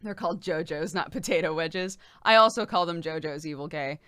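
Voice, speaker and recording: A woman's voice: sits low, a little fast, sharp tone, no echo, clean studio sound. A woman co-hosting a livestream with a playful, giggly manner, chatting casually and reading bits of articles aloud. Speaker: livestream co-host.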